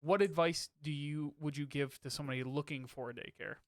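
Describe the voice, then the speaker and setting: A man's voice: on the high side, fairly even intonation, a little fast, no echo, clean studio sound. A man co-hosting a podcast, chatting casually and self-deprecatingly over a video call and laughing easily. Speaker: podcast co-host. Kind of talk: casual chat.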